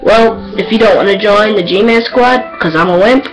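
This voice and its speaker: A gaming video creator giving casual, excitable gameplay commentary, giggling and poking fun at themselves. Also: mid-range voice, moderate pace, faint music behind, rough recording. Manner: excitable, giggly, self-mocking.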